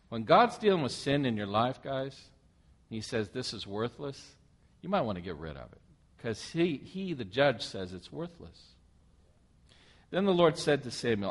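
A man's voice: mid-range voice, a little slow. A man preaching a sermon, reading a scripture passage aloud and breaking off to comment on it and put questions to his listeners. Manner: animated, asks the listeners questions.

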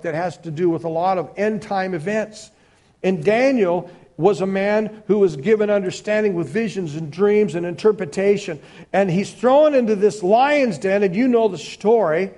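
A male pastor preaching a sermon, emphatic and swinging between loud exclamations and quiet asides. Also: high voice.

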